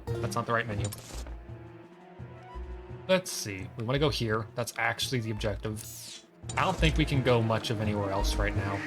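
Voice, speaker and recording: A man's voice: fairly low pitch, moderate pace, long pauses, over music, rough recording. A man streaming a video game, chatting casually and rambling with lots of filler words. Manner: rambling, heavy use of "like" fillers. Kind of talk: casual gameplay commentary.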